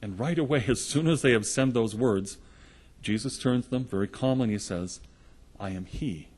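Male preacher, husky timbre, earnest storytelling sermon delivery. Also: medium pitch, brisk, darkish tone. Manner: earnest storytelling, retelling gospel scenes in the present tense.

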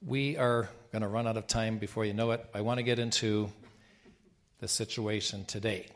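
A man's voice: fairly low pitch, steady tone, normal speed. A man who is a Catholic bishop, telling rambling travel stories in a casual talk with frequent restarts. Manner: rambling anecdotes with laughs and restarts.

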